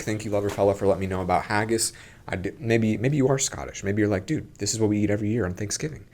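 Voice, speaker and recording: A young man hosting a casual commentary vlog, talking in an animated way with exaggerated disgust and chatty asides. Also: mid-range voice. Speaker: YouTube host.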